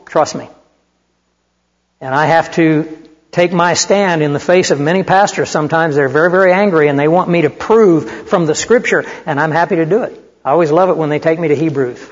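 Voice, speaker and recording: An older man preaching a sermon, telling stories in an animated, conversational way. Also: sits high. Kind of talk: sermon with storytelling. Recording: muffled hall recording with long reverb.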